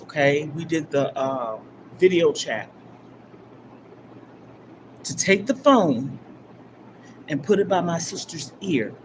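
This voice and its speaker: An older woman hosting a live stream, telling a personal story in a rambling, emphatic way, from loud bursts down to near-whispers. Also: deep voice. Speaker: livestream host. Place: gym. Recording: livestream with clear background noise.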